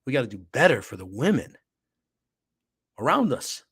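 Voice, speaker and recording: A man, a pastor hosting his own show, giving an impassioned monologue, repeating phrases for emphasis and swinging from near-whispers to forceful lines. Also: mid-range voice, sing-song, normal speed, breathy edge, no room sound, studio quality.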